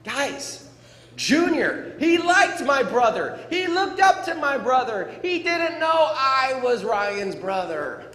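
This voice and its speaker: A middle-aged man giving a playful, animated storytelling speech to students as a motivational speaker, in a large school hall. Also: extremely high pitch, takes it slowly. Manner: animated, playful, acts out sound effects. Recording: echoey hall with faint room noise.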